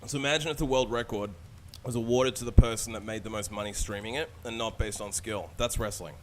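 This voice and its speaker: A man's voice: mid-range voice, fairly even intonation, fairly quick, slight background noise. A man with an Australian accent touched by American vowels, chatting casually and rambling between tangents while he plays and streams a game, swearing freely. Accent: Australian with a slight American tint. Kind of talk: casual chat while gaming.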